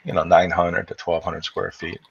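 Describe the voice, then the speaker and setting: Deep gravelly man, lo-fi. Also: moderate pace. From Chicago area, US. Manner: rambling, many fillers and restarts. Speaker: stream co-host. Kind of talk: casual chat. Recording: dull lo-fi with steady noise.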